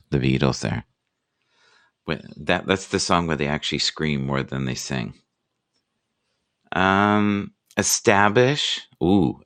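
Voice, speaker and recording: A man hosting a casual live morning chat, musing and self-deprecating, reading out sayings slowly. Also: extremely low pitch, a bit bright, dry recording.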